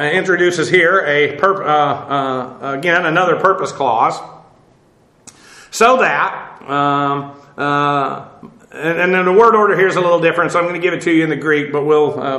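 A man teaching a verse-by-verse Bible study, explaining Greek words in an unhurried way with many "uh" fillers and spelling terms out letter by letter. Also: fairly high pitch, a bit bright, echoey room.

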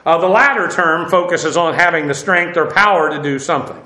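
Male Bible teacher, classroom lecture, bright voice, lots of fillers, roomy echo. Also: on the high side, a little fast. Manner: thinking aloud with fillers, corrects himself.

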